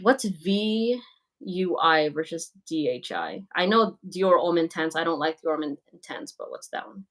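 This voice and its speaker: A young woman hosting a fragrance livestream, chatting candidly with viewers, reading comments and acting out quoted voices. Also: on the low side. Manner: candid, talkative, quick asides and animated quoted voices. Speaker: fragrance channel host on a livestream.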